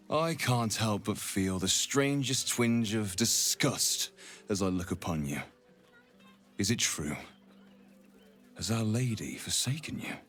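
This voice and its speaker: An actor playing a cold, scornful cultist in a fantasy video game, sneering and measured. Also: male voice, fairly low pitch, a bit bright.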